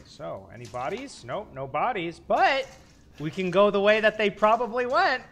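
A man's voice: high-pitched, sing-song, measured pace, vocal fry. A man in his thirties streaming a horror game, reacting aloud, swearing and talking to his chat. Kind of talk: live gameplay commentary.

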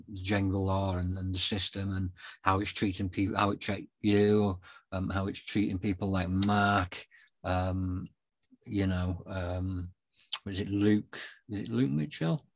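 A man hosts a casual live-streamed interview, talking in a low, flat voice. He hesitates often, filling gaps with ums and restarting his sentences. The sound is dry and close. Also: a little slow, no echo. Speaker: podcast host.

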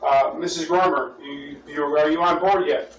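A man's voice: fairly high pitch, steady tone, moderate pace. A man with an American accent leading a church Bible study as pastor, repeating his words as he thinks and asking the class questions. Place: church meeting room. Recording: roomy, distant, dull and lightly noisy.

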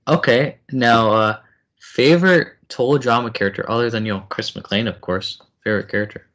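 A man's voice: mid-range voice, normal speed, fairly bright tone, low-quality recording. A man hosting a podcast, asking questions and adding short reactions. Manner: brief interjections and questions. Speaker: podcast host. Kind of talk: casual interview chat.

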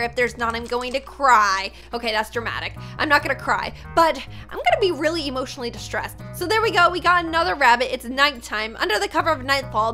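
A woman giving excited, dramatic gameplay commentary as a YouTuber, often mocking herself. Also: high-pitched. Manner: animated, dramatic, self-mocking. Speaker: gaming YouTuber.

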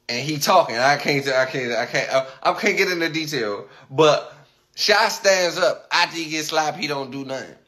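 A man talking casually to his livestream viewers, animated and rambling, repeating himself often. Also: a little high.

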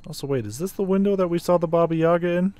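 A man talks his way through a horror game on a live stream, swearing freely and breaking into startled exclamations. His voice sits a little high for a man. The sound is dry and close, with no room echo. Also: fast talker, darkish tone. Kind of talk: casual live-stream commentary while playing a horror game.

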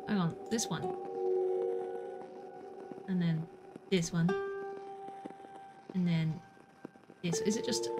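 A woman streamer giving live gameplay commentary, chatty and self-narrating, breaking into excitable yelps. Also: lowish voice, poor audio. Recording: background noise under voice.

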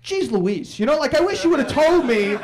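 A young man works a comedy club crowd into a stage mic, firing off brash punchlines. His voice sits high for a man and bounces around a lot. He teases the audience between jokes. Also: very animated. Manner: brash, rapid-fire punchlines with crowd banter. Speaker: stand-up comedian. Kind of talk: stand-up comedy set.

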